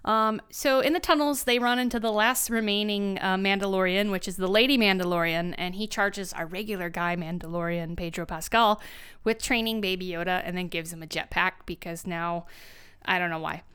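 A woman's voice: medium pitch, steady tone, a little fast, a bit bright, smooth. A woman co-hosting a casual podcast, teasing and dry in how she talks. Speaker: podcast co-host.

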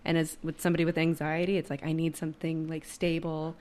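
A woman's voice: low voice, completely flat delivery, fast talker, darkish tone. A woman in her thirties talking openly and earnestly about her family in a candid conversation. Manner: earnest, open, emotional, many ums.

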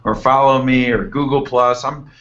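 A man, a company CEO, talking as a podcast guest, relaxed and halting, with many fillers. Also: mid-range voice. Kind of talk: casual interview. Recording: dull lo-fi podcast audio.

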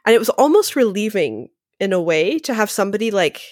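Rapid-talking woman podcast guest. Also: mid-range voice, dry recording, studio quality. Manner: rapid and animated, heavy use of "like". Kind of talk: casual conversational interview.

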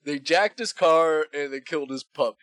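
A man in casual movie discussion, quickly adding plot details. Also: a little high, a bit bright, no echo.

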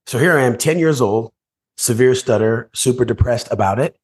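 A man, a motivational speaker, telling his life story as a podcast guest, animated and acting out voices and scenes. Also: medium pitch, normal speed, husky.

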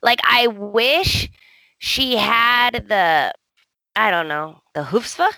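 A woman co-hosting a podcast in casual chat, talking in an animated way, exclaiming and laughing often. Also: a little high, slow pace, vocal fry, no echo. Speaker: podcast co-host.

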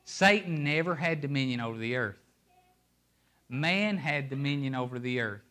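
Speaking into a handheld mic at normal speed, a preacher with a mid-range, expressive, sharp-toned voice delivers an emphatic sermon and engages listeners with questions.

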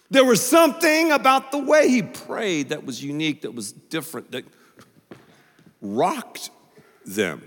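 A male pastor preaching a sermon in a joking, animated way, full of quick asides, in a large church auditorium. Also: on the high side. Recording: long reverb of a large hall.

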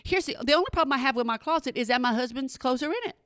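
A woman's voice: sits high, rapid-fire, a bit bright, clean tone, dry recording, clean studio sound. A woman hosting a podcast, chatting casually and directly to her listeners. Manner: chatty, keeps addressing listeners as y'all. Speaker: podcast host. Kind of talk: casual solo chat.

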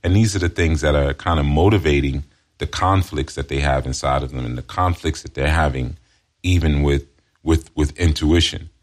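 A man's voice: a bass voice, normal speed. A man teaching as a spiritual counselor in an emphatic monologue, often repeating himself and adding "you see".

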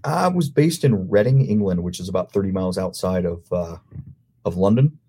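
Middle-aged male guest, low husky voice, loose storyteller who laughs a lot. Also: animated, moderate pace, mellow. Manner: rambling storyteller, laughs easily. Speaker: podcast guest. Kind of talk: casual chat.

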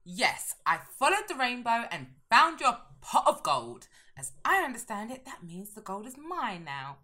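A man reading aloud and voicing a young woman who claims a pot of gold, flat and matter-of-fact. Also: very high voice, normal speed, pitched above the performer's own voice, heavily acted.

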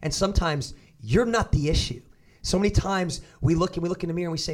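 A man with a fairly high voice hosts a casual podcast conversation. He talks quickly and earnestly, with an encouraging push. His speech runs fast and eager. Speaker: podcast host and fitness coach.

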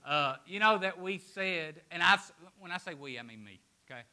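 Bright-voiced man preaching with emphasis. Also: a little high, animated, moderate pace. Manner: emphatic, swings between loud declarations and hushed asides. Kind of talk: sermon.

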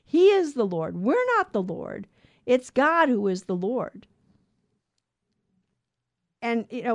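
A woman hosting a radio Bible show, teaching on scripture in an earnest, emphatic way with quick restarts. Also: on the high side, lively intonation, no room sound.

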